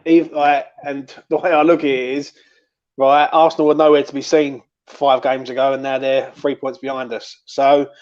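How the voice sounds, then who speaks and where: A man with a mid-pitched voice gives his views as a guest on a live fan chat, earnest and rambling, stumbling over repeated words. The stream audio is dull and lo-fi. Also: little pitch movement, normal speed, darkish tone.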